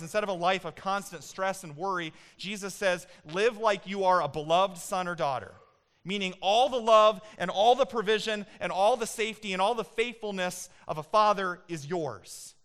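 A man in his thirties preaching a sermon as a pastor, animated and emphatic, telling personal stories. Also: high-pitched, normal speed, hardly any pauses, smooth.

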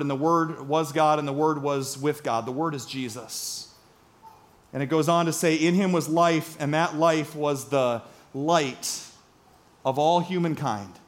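A man in his thirties from Iowa preaching a sermon, earnest and storytelling, asking the congregation questions. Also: a little high. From Iowa, United States. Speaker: pastor.

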